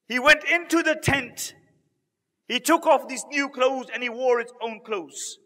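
High-voiced man preaching with hall reverb. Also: fairly even intonation, bright, forceful tone. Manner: earnest, dramatic retelling with emotional pauses. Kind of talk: storytelling sermon.

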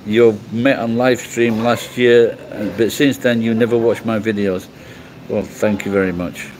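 A man's voice: fairly low pitch, steady tone, measured pace, darkish tone, slight background noise, low-quality recording. A middle-aged man from England chatting casually on a livestream, rambling and swearing bluntly as he answers comments. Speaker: livestream host.

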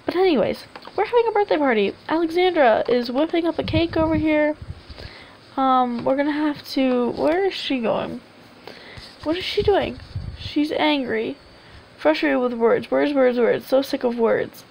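High chatty woman narrating her game. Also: moderate pace, gravelly, a little mellow, a little hiss or hum, poor audio. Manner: chatty, rambling, coaxing game characters aloud. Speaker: gameplay video host. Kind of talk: casual let's-play commentary.

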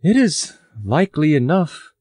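A man's voice: on the high side, big pitch swings, a little slow, a little mellow, dry recording, studio quality, voice pushed up. A male audiobook reader voicing a proud, gawky young country lad who answers eagerly. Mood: eager earnest. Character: gawky proud country youth, newly dressed up.

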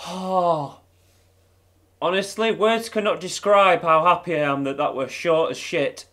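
A man with a British accent playing a horror game, jumpy and swearing, often shouting at what he sees. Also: fairly high pitch, normal speed. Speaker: gamer.

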